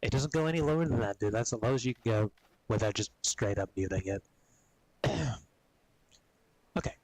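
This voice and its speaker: Gamer guy on stream, lowish voice, swears a ton, keeps coughing and clearing his throat. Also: animated, normal speed, a little mellow, no room sound, low-quality recording. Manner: profane, rambling, laid-back. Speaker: gaming streamer. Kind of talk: casual stream chat.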